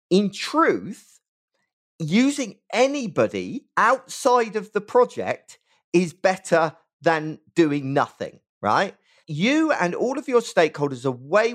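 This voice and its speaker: A middle-aged man with a West Country English accent, explaining design testing as an interview guest, emphatic and often checking in with "right?". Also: a little high. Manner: animated, emphatic, peppers speech with "right?". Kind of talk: conversational interview.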